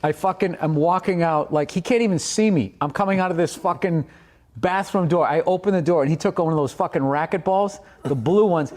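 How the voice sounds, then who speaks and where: Profane, rambling man with a higher voice. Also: brisk, darkish tone. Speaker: podcast co-host. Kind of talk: casual storytelling.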